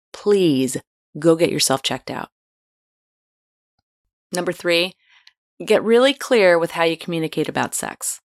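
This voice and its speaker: A woman with a somewhat low voice talks through a scripted advice monologue. She is frank and playful, encouraging her listeners and slipping into casual slang. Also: gravelly.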